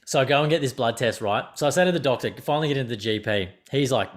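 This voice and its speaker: Hombre australiano, charla rápida y malhablada. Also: male voice, mid-range voice, quick pace, hardly any pauses. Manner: swearing, animated storytelling. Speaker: podcast host. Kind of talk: casual chat.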